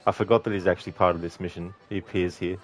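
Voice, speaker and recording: A man's voice: low-pitched, steady tone, very fast, faint music behind. A male streamer giving casual gameplay commentary with laughing asides.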